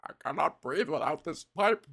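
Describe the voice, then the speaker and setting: A woman's voice: low voice, expressive, normal speed, creaky, a bit bright, husky, pitched below the performer's own voice, full character voice. A woman voicing a melodramatic, swearing man who is dying after his breathing pipe broke. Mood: dramatic despair. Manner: theatrical, swearing, wailing.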